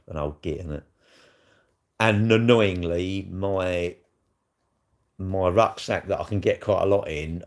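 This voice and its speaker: A middle-aged man, rambling bluntly and crudely in a casual livestream chat, tossing in tag questions as he answers comments. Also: low voice. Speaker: livestream host.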